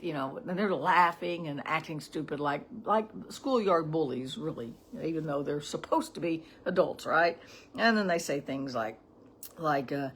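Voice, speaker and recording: A woman's voice: low-pitched, animated, normal speed, a little hiss or hum. A middle-aged woman giving a casual morning devotional, talking in a chatty way with frequent "right?" asides. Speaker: devotional teacher.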